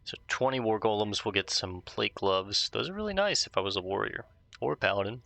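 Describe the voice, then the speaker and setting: Man, let's play host: low, bright-edged voice, casual musing commentary. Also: expressive, fairly quick, gravelly, no room sound. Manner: musing aloud, wry asides.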